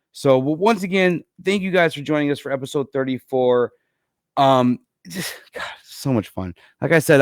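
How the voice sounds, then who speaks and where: A laid-back man hosts a live podcast, chatting casually and rambling in an easygoing way, calling people "man" and "dude." His mid-range voice comes through a computer live-stream setup with clean studio sound and no room sound.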